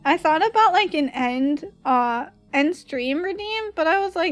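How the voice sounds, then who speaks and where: A woman's voice: extremely high pitch, expressive, measured pace, few pauses, soft background music. A young woman with a Valley girl accent, chatting casually on stream while drawing, giggly and full of "like" fillers.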